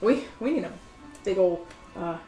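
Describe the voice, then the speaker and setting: A woman's voice: medium pitch, animated, normal speed, reverberant, over loud music. A woman running a tabletop game as game master on a stream, bubbly and giggly, with many fillers and restarts.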